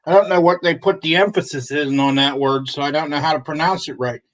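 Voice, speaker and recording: A man's voice: a little high, steady tone, quick pace, rough recording. A man co-hosting a casual live stream, joking and cursing as he reads a snack's ingredient list.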